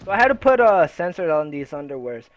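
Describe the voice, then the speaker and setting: A young man with a voice a bit higher than most, telling a long, rambling story from work. He swears freely and fills every gap with "you know" and "uh". Faint game gunfire sits behind him. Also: big pitch swings, fast talker, slight background noise. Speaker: gaming video creator. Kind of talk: casual storytelling over gameplay.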